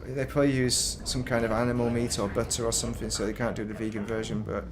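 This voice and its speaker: A man's voice: mid-range voice, flat delivery, fast, noisy background. A man casually commentating while he plays a space game, rambling and breaking off mid-sentence. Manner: rambling, self-interrupting, chatty. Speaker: game streamer.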